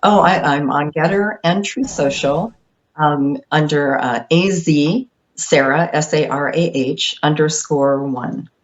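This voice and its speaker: A woman answering questions as a radio guest, earnest but halting, with many ums. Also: low-pitched, dull audio. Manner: hesitant, many fillers, earnest. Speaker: guest activist.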